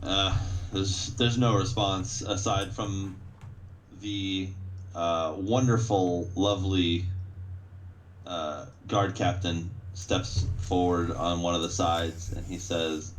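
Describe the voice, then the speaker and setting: Deep-voiced laid-back male game master. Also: little pitch movement, slow pace, a little hiss or hum, poor audio. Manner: laid-back, hesitant with many fillers. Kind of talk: narrating a tabletop game.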